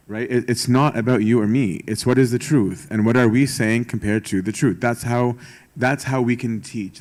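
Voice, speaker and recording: A young man, a priest giving a conversational retreat talk, informal and wry, often checking in with "right?". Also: mid-range voice. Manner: informal, rhetorical, frequent "right?" and "um"; self-aware sarcastic humor. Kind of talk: conversational sermon.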